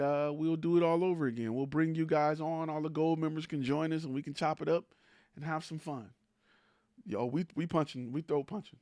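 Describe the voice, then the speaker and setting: Host, male, slightly high voice, blunt and teasing, dry close mic. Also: darkish tone, no room sound. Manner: blunt, teasing, rhetorical questions. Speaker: host of a live stream for creators. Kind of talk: blunt motivational talk.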